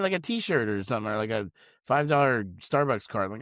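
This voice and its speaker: A man's voice: mid-range voice, very animated, brisk, fairly bright tone, no room sound, studio quality. A man co-hosting a casual podcast chat, swearing freely and mocking people with impressions. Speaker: podcast co-host.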